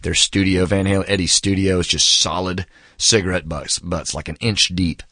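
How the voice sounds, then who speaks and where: A man's voice: low voice, fairly even intonation, moderate pace, pushed and bright, dry recording, studio quality. A man in his forties casually reviewing a book, telling stories with enthusiasm, acting out quotes and saying "man" a lot.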